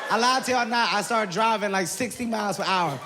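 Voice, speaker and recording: High-voiced man doing loud stand-up. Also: brisk. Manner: animated, loud, often laughing while telling. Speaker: stand-up comedian. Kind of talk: stand-up comedy story. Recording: live show with loud crowd laughter. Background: loud audience laughter and noise.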